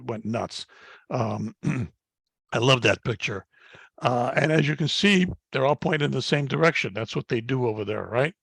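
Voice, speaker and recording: An older man in his seventies gives a guest slide talk to an astronomy club, moving through his slides in a folksy, anecdotal way. His voice sits at a middling pitch, and his speech is full of "uh"s and little restarts. The sound is dry and close, with no room around it. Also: gravelly, fairly bright tone, breathy edge, dry recording. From Chicago, United States. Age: 70s. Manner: folksy storytelling with frequent fillers and restarts.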